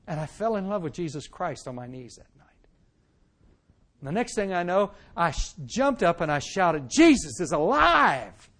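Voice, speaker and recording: High-voiced preacher telling his testimony. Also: normal speed. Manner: animated storytelling, swings from loud to hushed; acts out quoted lines. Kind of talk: sermon testimony.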